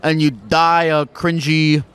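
A man's voice: a little high, steady tone, takes it slowly, fairly bright tone, clear, resonant tone. A man interviewing people on a city street, talking in a rambling, loose, profane way. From United States.

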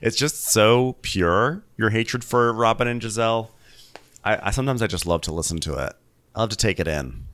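Lower-voiced man in casual podcast chat. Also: moderate pace, a bit bright. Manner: rambling, laid-back commentary with fillers. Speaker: podcast co-host.

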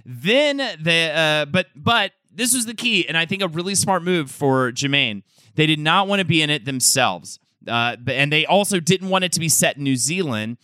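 A man co-hosting a casual chat podcast, telling the story lively with quick asides. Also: a little high, no echo. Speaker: podcast co-host.

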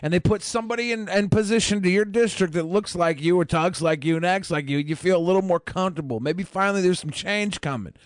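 A man's voice: sits high, fast, few pauses, no echo, clean studio sound. A man hosting a podcast panel, ranting emphatically and swearing freely. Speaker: podcast host. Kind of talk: casual panel chat.

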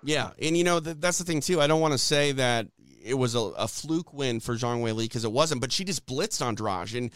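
A man's voice: mid-range voice, a little fast, few pauses, a bit bright, no echo, studio quality. A man hosting a casual sports talk show, breaking down fight results with lots of "uh" and "you know" fillers. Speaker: podcast host.

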